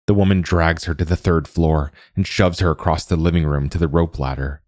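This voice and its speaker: Very deep-voiced male story narrator. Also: steady tone, brisk, darkish tone, no room sound. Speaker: podcast host and story narrator. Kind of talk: scripted narration of a short story.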